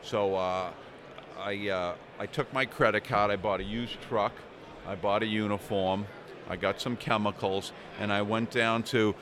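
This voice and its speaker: A man's voice: fairly low pitch, steady tone, measured pace. Man in his sixties telling stories. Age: 60s. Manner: chatty, anecdotal, swears casually. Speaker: small business owner. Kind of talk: casual storytelling chat. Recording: outdoor crowd chatter behind.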